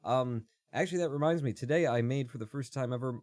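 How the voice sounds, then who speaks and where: A man's voice: mid-range voice, quick pace, a little mellow, no room sound, clean studio sound. A man live streaming while he codes, chatting casually in a rambling, joking way that keeps breaking off mid-thought. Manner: rambling, joking, self-interrupting.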